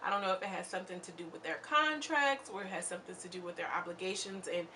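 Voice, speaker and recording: Bright, chatty woman recapping TV. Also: medium pitch, fast, a little hiss or hum. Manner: chatty and slangy, animated retelling. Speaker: channel host. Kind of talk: casual reality TV recap.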